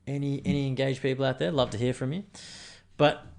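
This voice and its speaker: A man's voice: medium pitch, fairly even intonation, a little fast, vocal fry, a little mellow. A man with an Australian accent hosting his own podcast, rambling casually, joking and swearing freely. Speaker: podcast host. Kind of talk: casual solo podcast chat.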